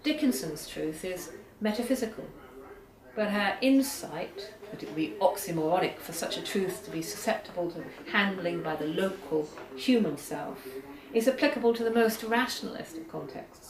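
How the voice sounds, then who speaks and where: A woman giving an academic lecture on poetry, measured, reading poems aloud slowly, recorded from a distance in a lecture hall. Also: on the low side, expressive. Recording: echoey hall, far from the mic, audience.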